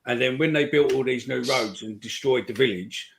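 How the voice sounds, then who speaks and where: A man's voice: mid-range voice, normal speed, vocal fry, fairly bright tone, a little hiss or hum, rough recording. A man co-hosting a fan call-in podcast, telling rambling stories in casual chat. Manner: rambling storyteller. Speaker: podcast co-host.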